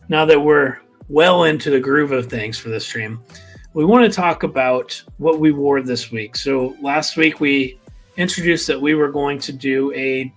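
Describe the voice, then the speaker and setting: Chatty man, bit high. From United States. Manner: chatty, self-deprecating, lively asides. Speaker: co-host of a fragrance live stream. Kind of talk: casual chat.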